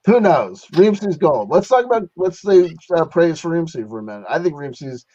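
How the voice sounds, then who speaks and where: A man's voice: on the high side, very animated, moderate pace, mellow, lo-fi sound. A man hosting a casual livestream chat, rambling and laughing, with a sentimental sign-off. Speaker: livestream host.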